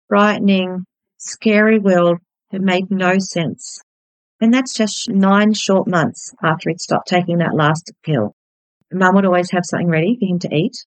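A podcast host in her thirties tells a personal story gently and candidly, in a reflective mood. Her voice is on the low side, recorded dry and close to the mic with no room sound, and the audio quality is poor.

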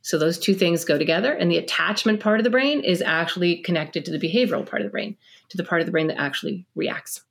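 An animated middle-aged woman talks as a guest on a parenting podcast. She explains with plenty of energy, moves quickly from point to point, and slips into little acted-out scenes between parents and children. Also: on the low side, vocal fry. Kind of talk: podcast interview.

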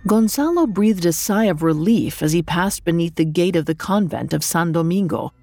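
A woman narrating a scripted story in a measured, dramatic way. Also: on the low side, animated, dark tone. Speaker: podcast narrator.

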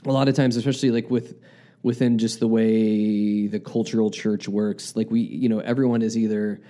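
A man's voice: lowish voice, flat delivery, moderate pace, dark tone. A man from the United States co-hosting a podcast, earnestly reflecting in casual talk and often restarting his sentences. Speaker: podcast co-host.

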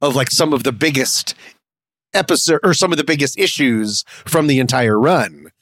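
A man's voice: mid-range voice, moderate pace, fairly bright tone, no echo. A man co-hosting a podcast, talking casually and with enthusiasm, joking along. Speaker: podcast co-host.

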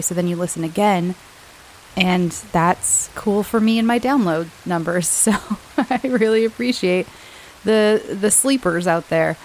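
Slightly hoarse woman, chatty podcast host. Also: lowish voice, slight background noise, poor audio. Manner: rambling, chatty, laughs often. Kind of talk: casual chat to listeners.

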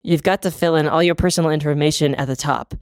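A podcaster voicing a bright, businesslike young girl with a clipboard in a fan fiction reading. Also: mid-range voice, fairly even intonation, no echo, clean studio sound, lightly acted. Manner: brisk and bright.

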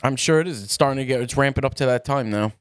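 A man co-hosting a casual podcast chat, talking in an animated way, swearing and laughing often. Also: mid-range voice, fast, no echo, studio quality. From New York. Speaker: podcast co-host.

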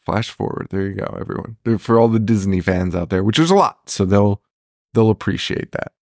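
A man's voice: fairly low pitch, fairly quick, no room sound. Podcast guy chatting about movies, laughs a lot, swears, dry close mic. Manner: laughs often, swears, excitable. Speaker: podcast co-host. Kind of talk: casual chat.

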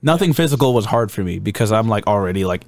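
Telling stories from boot camp as a podcast guest, a young adult man swears heavily and laughs while impersonating his drill instructors in a casual chat. He talks fast in a fairly low, darkish voice with lively intonation, on a dry recording.

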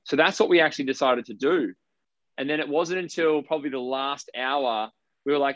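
A man's voice: mid-range voice, brisk, a bit bright, no echo. An Australian man, a professional basketball player, telling his story in a casual interview, emphatic and blunt, swearing freely. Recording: dry, slightly dull lo-fi sound.

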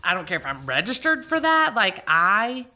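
A woman chatting about celebrities on a podcast, giggly and animated, her pitch leaping all over as she acts out little quoted voices. Her tone is bright and sharp. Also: normal speed. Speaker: podcast co-host. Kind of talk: casual celebrity gossip chat.

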